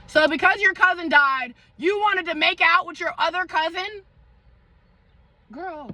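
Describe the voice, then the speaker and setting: Bright high-voiced young woman storytelling. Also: unhurried, low-quality recording. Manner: animated, dramatic storytelling with slang and asides to viewers. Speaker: vlogger. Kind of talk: storytime vlog.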